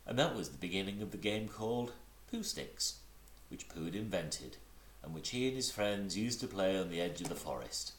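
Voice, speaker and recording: A deep-voiced man reads a children's storybook aloud with lots of rise and fall in his voice, now and then stumbling and correcting himself. The sound is roomy and echoey. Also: normal speed, a little hiss or hum. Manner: animated, with slips and corrections. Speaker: reader. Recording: roomy echo.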